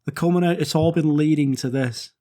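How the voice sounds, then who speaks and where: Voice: medium pitch, a little fast, a crowd in the background. A podcast co-host in casual chat, teasing and eagerly jumping in with jokes.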